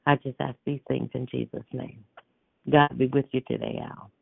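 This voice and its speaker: Woman praying, fervent, repetitive praise, gravelly edge, tinny phone line. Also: a bass voice, little pitch movement, moderate pace, no room sound. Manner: fervent, repeating praise words. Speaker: prayer line leader. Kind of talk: spoken prayer on a phone line.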